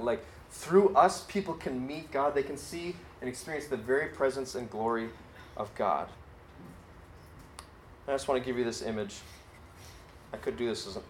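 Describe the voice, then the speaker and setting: A man's voice: mid-range voice, roomy sound, slight background noise. A man preaching a sermon as the church's pastor, talking in an earnest, casual way that often corrects itself mid-sentence. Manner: conversational, self-correcting, earnest.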